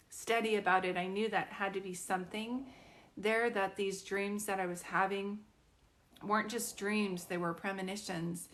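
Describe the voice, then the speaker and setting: A woman's voice: medium pitch, fairly bright tone. A woman in her fifties, a psychic medium, telling a personal story in a chatty, earnest way with frequent fillers and restarts. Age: 50s.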